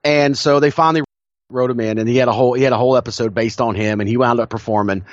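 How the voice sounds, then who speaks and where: A man's voice: mid-range voice, steady tone, very fast, dry recording. This is a man with a Southern American accent co-hosting a casual podcast. He tells stories with gusto and laughs easily. His voice is dry and slightly muffled, as if on a modest home mic. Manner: enthusiastic storyteller, laughs often. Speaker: podcast co-host. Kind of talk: casual chat.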